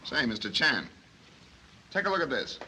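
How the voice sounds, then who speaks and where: A brash, impatient police inspector barks orders and tosses off wisecracks. His voice is bright and cutting, and its pitch leaps around. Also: big pitch swings, moderate pace, slight background noise, low-quality recording. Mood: gruff. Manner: gruff, wisecracking, barking orders. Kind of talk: 1930s film acting.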